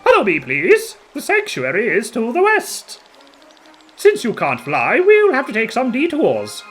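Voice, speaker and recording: A man does a timid bird villager in a storybook game. He sits high and breathy, with his voice jumping about. He trails off as if he is always short of breath. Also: wildly swooping pitch, measured pace, soft background music, exaggerated voice. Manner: nervous, rambling, forgetful.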